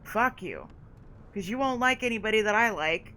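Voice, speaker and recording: A woman reads out the lines of a defiant young male fledgling vampire, sarcastic and quick to push back. He speaks at an ordinary middle pitch, close to everyday talk. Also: animated, pushed and bright, a little hiss or hum, poor audio.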